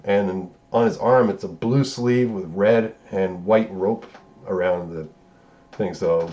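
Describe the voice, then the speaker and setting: A man with a fairly low voice talks through a movie's plot in a casual, profane ramble, stumbling over words and fixing them as he goes. The recording is dull and muffled, with little crispness. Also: a little slow, darkish tone. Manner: loose, profane, rambling retelling with self-corrections. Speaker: movie reviewer. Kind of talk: casual spoiler review recap.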